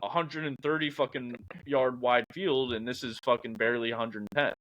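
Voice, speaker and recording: A young man co-hosting a podcast, chatting in a relaxed, profane way and saying "dude" often. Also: mid-range voice, a little fast, no room sound, poor audio. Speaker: podcast co-host. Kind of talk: casual chat.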